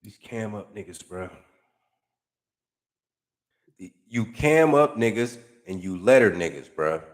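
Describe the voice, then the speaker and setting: A man reading out and mocking comments in casual, profane commentary, with heavy slang and a sarcastic, animated delivery. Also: lowish voice, moderate pace. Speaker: YouTube commentator.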